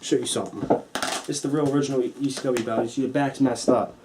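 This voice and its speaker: Excitable young man ranting about wrestling. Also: medium pitch, fast talker, background noise. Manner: excited, profane, acts out moves with sound effects. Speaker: wrestling vlogger. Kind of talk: casual review rant. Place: at home at a table.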